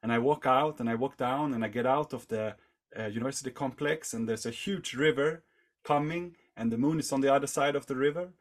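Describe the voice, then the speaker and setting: A podcast guest with a mid-range voice tells a long story in casual conversation at a brisk pace. He rambles and leans heavily on fillers like "like" and "you know."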